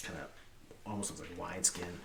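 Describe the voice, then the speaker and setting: A man narrating as game master, in a hushed, halting voice with many fillers. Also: sits low, steady tone, distant mic. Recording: echoey room with background noise.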